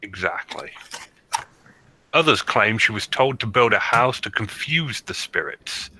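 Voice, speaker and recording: A man's voice: lowish voice, lively intonation, a little slow, pushed and bright, a little hiss or hum, low-quality recording. A man co-hosting a podcast, reading out a history from notes and breaking off into jokey asides. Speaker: podcast co-host reading research. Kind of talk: casual podcast chat.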